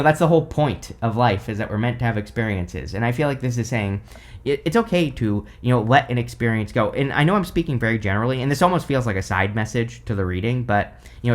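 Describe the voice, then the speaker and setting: A young man giving a casual tarot reading to camera, rambling and thinking aloud with many fillers, clearly excited. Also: medium pitch. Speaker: tarot reader.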